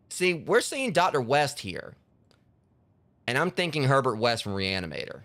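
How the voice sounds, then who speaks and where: A man's voice: on the low side, very animated, unhurried, pauses often, a bit bright. A man hosting a gaming channel, rambling and joking through casual let's play commentary. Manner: rambling, joking, lots of fillers.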